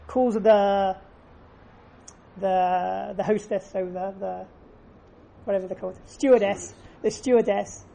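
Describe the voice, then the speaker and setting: A woman's voice: medium pitch, steady tone, slow, creaky, mellow. A woman giving an earnest faith lesson, telling stories and repeating phrases for emphasis. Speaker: religious teacher.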